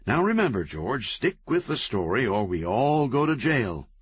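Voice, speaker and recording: A man's voice: mid-range voice, sing-song, husky, no echo, voice pushed up. A man voicing a manic, chatty, cheerful antihero man who talks gleefully and wheedles. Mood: persuasive. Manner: gleeful, fast-talking, wheedling. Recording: dull, lo-fi, dry.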